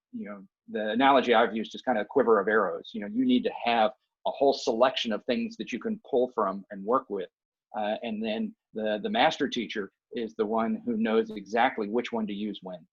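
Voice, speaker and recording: His voice is fairly low and husky, and the audio is dull. As a podcast guest and university director of bands, he shares earnest, forceful advice in a conversational way, regularly checking in with "okay?" and "right?".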